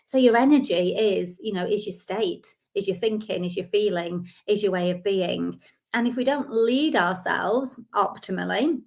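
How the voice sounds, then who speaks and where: A woman talks to her viewers as a coach in a live stream, chatty and encouraging. Her voice sits at an ordinary middle pitch, and she fills her sentences with relaxed filler words. She sounds like she is talking into a phone or webcam. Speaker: life and business coach.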